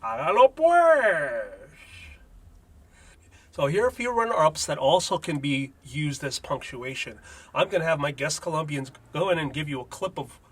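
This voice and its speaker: A man, a native Spanish speaker, hosts a comedic language lesson with a bright, slightly raised voice. His tone is a touch husky, and he drops wry asides between explanations. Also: on the high side, animated, brisk. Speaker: host.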